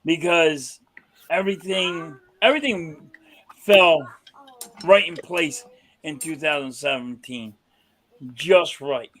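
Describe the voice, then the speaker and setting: High-pitched male fan, storyteller, swears, stretches key words. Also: a bit bright. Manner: storytelling, profane, drawn-out emphasis. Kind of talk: casual sports talk.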